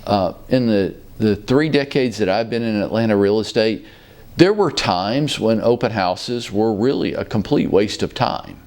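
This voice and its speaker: Chatty low-voiced man in his fifties. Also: a little slow. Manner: chatty storyteller, relaxed and folksy. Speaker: real estate brokerage leader hosting a show. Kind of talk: casual conversational talk show. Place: his office.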